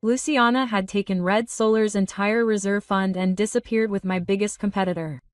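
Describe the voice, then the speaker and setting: A woman's voice: mid-range voice, fairly even intonation, moderate pace, dry recording, studio quality, distant mic, lightly acted. A woman voicing a desperate, remorseful grown son who confesses his ruin in a broken, pleading way. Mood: despairing.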